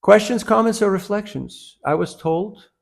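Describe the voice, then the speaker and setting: At a normal pace, a man whose voice sits high with vocal fry tells a humorous story in a devotional class as a temple lecturer. Lively throughout, he laughs at his own jokes and keeps asking listeners "huh?"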